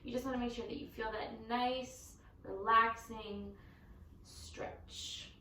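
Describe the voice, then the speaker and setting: A young woman teaching a children's yoga class, giving gentle, encouraging instructions. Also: a little high, fairly even intonation, normal speed, slight background noise. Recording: echoey room, mic at a distance.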